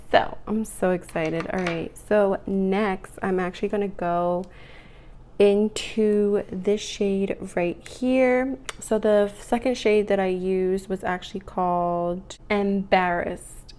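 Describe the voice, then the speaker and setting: A young woman chatting casually while doing her makeup, rambling with lots of fillers, her voice rough from the morning. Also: medium pitch, a little mellow. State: morning voice, clearing throat. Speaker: beauty vlogger. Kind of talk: casual get-ready-with-me chat.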